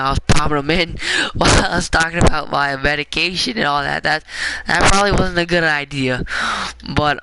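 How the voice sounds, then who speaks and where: A young man with a raspy, smoker-like voice, giving rambling, offhand commentary while streaming a game. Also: on the high side, background noise. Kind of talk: casual gameplay commentary.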